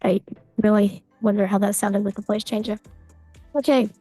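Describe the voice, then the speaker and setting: Guy w a voice changer doing a jokey girl, mellow tone, dry sound, faint music behind. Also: high voice, steady tone, normal speed, no room sound, pitched above the performer's own voice. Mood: playful. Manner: jokey, teasing. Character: playful young woman, chatty and jokey. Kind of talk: casual podcast commentary.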